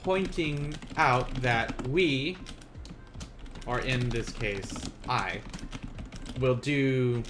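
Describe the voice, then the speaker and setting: A man teaching a beginner Japanese lesson on a live stream, chatty and quick to laugh, often correcting himself mid-sentence. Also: medium pitch, noisy background.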